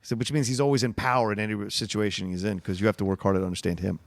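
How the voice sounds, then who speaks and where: A man co-hosting a casual podcast, talking in an animated, jokey, effusive way. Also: on the low side, very fast, gravelly. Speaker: podcast co-host. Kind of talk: casual chat.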